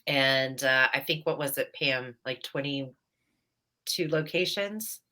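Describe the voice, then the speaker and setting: A woman's voice: extremely low pitch, slow, bright, forceful tone. A woman guest talking casually on a radio show about training staff for ghost hunts, easygoing and chatty. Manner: chatty, easygoing, with many fillers and laughs.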